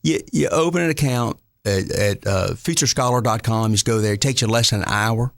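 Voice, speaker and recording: A man's voice: fairly low pitch, brisk, vocal fry, no echo, studio quality. A middle-aged man, a state treasurer as an interview guest, explaining things in a folksy, plain-spoken way and correcting himself mid-sentence.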